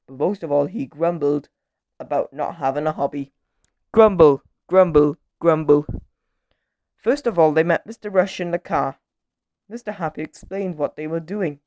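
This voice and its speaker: A woman reading a children's picture book aloud in a gentle, expressive storytelling manner. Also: lowish voice, no echo, lo-fi sound.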